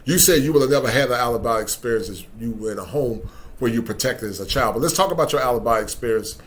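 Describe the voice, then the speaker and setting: A man's voice: mid-range voice, quick pace. A man hosting a podcast interview, speaking loosely and directly with casual slang. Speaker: host.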